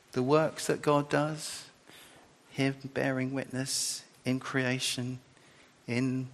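A man's voice: fairly high pitch, creaky, a bit bright, long reverb tail. A man preaching a sermon in a loose, conversational way, with restarts and asides.

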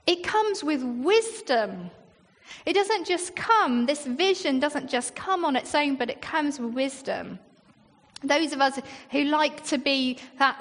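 A woman's voice: high-pitched, animated, a little slow. A woman, a church leader preaching a sermon in a chatty way, full of rhetorical questions and acted-out quotes. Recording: long reverb in a hall.

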